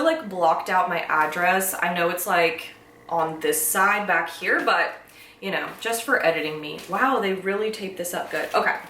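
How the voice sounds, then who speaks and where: A woman's voice: medium pitch, recorded from a distance, a little hiss or hum. Gushing young woman, echoey room. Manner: gushing, excitable, emotional. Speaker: vlogger. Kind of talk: casual unboxing vlog.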